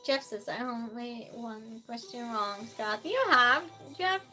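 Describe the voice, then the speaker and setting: Woman streamer hosting a quiz, high voice, unhurried, reads chat aloud, switches between loud and hushed. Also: lively intonation, soft background music. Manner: reads chat aloud, slow and chatty, swings between loud outbursts and soft near-whispers. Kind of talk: casual live-stream chat.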